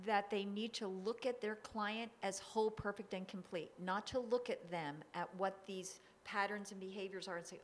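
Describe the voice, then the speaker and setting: A woman's voice: medium pitch, steady tone, normal speed, hardly any pauses, slight background noise. Emphatic woman with faint background ambience. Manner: emphatic, forceful, acts out her own demands. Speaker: hypnotherapist. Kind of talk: casual interview talk.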